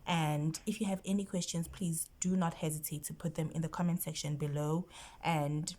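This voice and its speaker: A South African woman with a low voice tells her story to the camera. She is emotional and keeps slipping into a hushed whisper. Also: steady tone, normal speed. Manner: emotional, often drops into a whisper. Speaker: vlogger. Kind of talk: storytime vlog.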